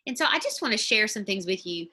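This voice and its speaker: A woman teacher talks parents through an online lesson, explaining each idea step by step and slowing right down on the example words. Her voice is bright and clear at a middle pitch, picked up by a computer mic. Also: big pitch swings. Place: home or office, screen-shared video.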